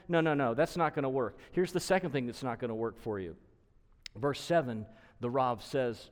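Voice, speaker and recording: A man's voice: mid-range voice, normal speed, big-room sound. A male preacher giving an expository sermon, emphatic and explanatory, who repeats his points for stress.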